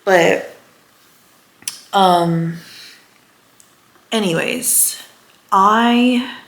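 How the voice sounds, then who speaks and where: A woman vlogger talking casually and candidly to the camera, sometimes dropping to a near whisper. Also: medium pitch. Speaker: lifestyle vlogger. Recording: echoey room.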